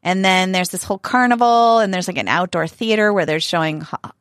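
A woman's voice: lowish voice, brisk, fairly bright tone, no room sound, clean studio sound. A middle-aged woman co-hosting a casual chat show, enthusiastic and prone to repeating herself. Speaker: podcast co-host.

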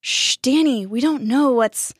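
A woman's voice: high voice, measured pace, breathy edge, no room sound, studio quality, pitched above the performer's own voice. A woman voicing a young boy who protects his little sister, speaking urgently.

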